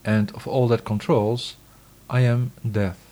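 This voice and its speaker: A man giving a scripted scripture reading in a measured, solemn, declamatory way. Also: mid-range voice, flat delivery, warm tone.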